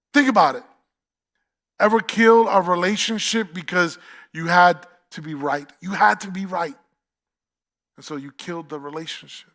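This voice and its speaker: A man's voice: high-pitched, fairly bright tone. A man with a New York accent preaching a sermon as pastor, emphatic, repeating key phrases and asking the congregation questions.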